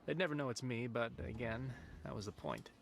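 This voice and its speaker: An actor playing a young male hacker who narrates his revenge plot in a calm, wry film voice-over. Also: medium pitch, brisk, vocal fry, a little hiss or hum, lightly acted. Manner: calm, wry first-person telling. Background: film score.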